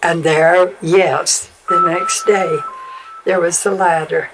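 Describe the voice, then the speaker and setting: Slow, low-voiced older woman. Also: little pitch movement, background noise. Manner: slow and halting, trailing off. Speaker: mother recalling family memories. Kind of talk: casual family storytelling.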